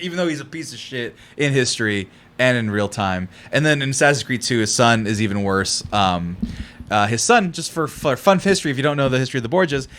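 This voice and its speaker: A man co-hosting a podcast, telling stories in casual chat with lively swearing. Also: mid-range voice. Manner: animated storytelling with swearing. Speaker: podcast co-host.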